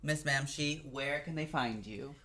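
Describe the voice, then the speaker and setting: A podcast host chatting casually with a guest, with quick, joking reactions and interjections. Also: medium pitch, pushed and bright. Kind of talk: casual chat.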